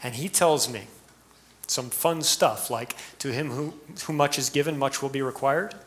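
A man's voice: medium pitch, normal speed, a bit bright. A man with an American accent, a pastor giving an earnest sermon full of rhetorical questions and rising emphasis.

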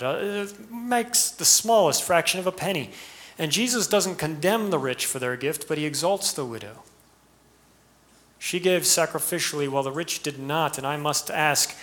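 A man's voice: on the high side, a bit bright. A man with an American accent, a pastor giving an earnest sermon full of rhetorical questions and rising emphasis.

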